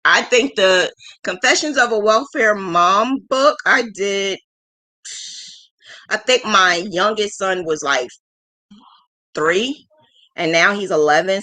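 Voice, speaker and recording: A thirties woman hosts a livestream, chatting casually in a lowish voice that moves slowly yet sounds pushed and bright. She rambles with frankness, laughs a lot, and makes fun of herself in a candid, self-deprecating way.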